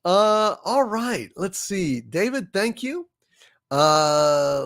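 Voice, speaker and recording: Effusive, halting male livestream host. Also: high-pitched, big pitch swings, a bit bright. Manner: effusive, apologetic, halting with many fillers. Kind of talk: casual live chat, reading super chats.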